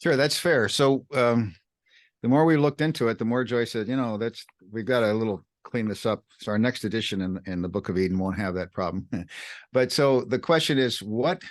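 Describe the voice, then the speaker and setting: A man co-hosting a podcast, teaching in an animated, emphatic way, repeating words and jumping up in pitch to stress points. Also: normal speed, no echo, studio quality. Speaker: podcast co-host teaching scripture. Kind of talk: animated explanatory teaching chat.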